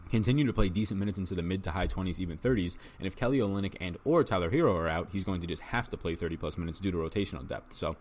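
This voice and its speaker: A man hosting a fantasy sports podcast, giving a solo breakdown of basketball picks in a rapid, talky style with frequent ums and restarts. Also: low voice, a little mellow, slight background noise.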